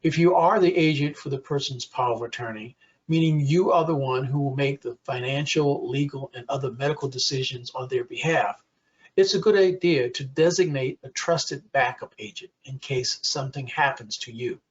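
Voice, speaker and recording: A man's voice: medium pitch, normal speed, slightly rough, dull audio. A man giving a conversational webinar presentation for caregivers, with frequent fillers.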